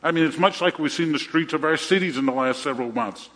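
Middle aged pastor guy preaching, kinda high voice, chatty, repeats stuff, big echoey church. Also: quick pace, a bit bright. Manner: conversational, repeats phrases, tells jokes. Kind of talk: sermon. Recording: reverberant hall.

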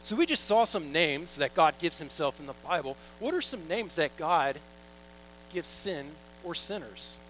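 A man's voice: on the high side, lively intonation, measured pace, fairly bright tone, slight background noise, low-quality recording. A young man preaching a sermon in a casual, joking, storytelling way, reading scripture and acting out little quoted asides. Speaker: pastor.

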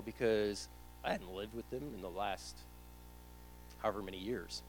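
A young man preaching, telling a personal story with animated delivery and acting out his own panic. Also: on the low side, normal speed, soft background music, rough recording.

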